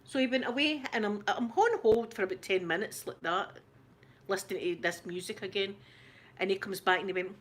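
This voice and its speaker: A middle-aged Scottish woman hosting her channel, chatting through a story in a lively, indignant way. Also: medium pitch, fairly quick. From Scotland. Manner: animated, indignant retelling full of "I says". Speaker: channel host. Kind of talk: casual storytelling chat.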